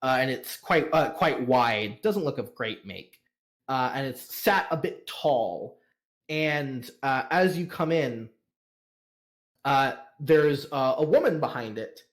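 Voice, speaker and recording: A man narrating as game master of a tabletop game, halting and filling his scene descriptions with pauses. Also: medium pitch, lively intonation. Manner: halting, full of fillers and slowed descriptions.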